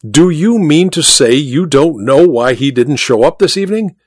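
A man plays an agitated society gentleman in a storybook reading, his voice raised above the narration and full of urgency. He insists and exclaims, with pitch leaping around. The recording is dry and close. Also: normal speed, breathy edge, no room sound. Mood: excited. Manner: excited, urgent.

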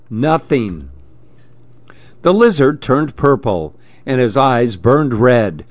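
A man reading a children's storybook aloud, gentle and expressive. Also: mid-range voice, takes it slowly, no echo, muffled recording.

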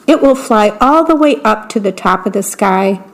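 A woman's voice: mid-range voice, normal speed, lightly acted. A woman voicing a patient, encouraging male frog in a children's storybook reading. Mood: calm. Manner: calm, encouraging.

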